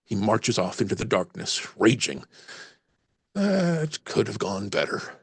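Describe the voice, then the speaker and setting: A man's voice: lowish voice, big pitch swings, a little slow, husky, no echo. A man narrating a solo tabletop horror game as game master, reading passages aloud and musing over the choices. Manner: reads aloud, then muses on choices.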